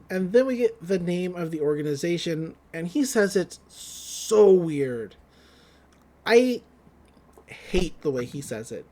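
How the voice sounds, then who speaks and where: High-voiced man recapping an anime. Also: warm tone. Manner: retells scenes, quoting characters in loose paraphrase. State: just woke up. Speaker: podcast co-host. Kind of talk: casual anime recap chat.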